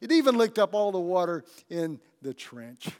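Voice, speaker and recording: A man preaching a sermon, telling a scripture story with animated storytelling and asking the congregation questions. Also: sits high, moderate pace. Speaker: pastor.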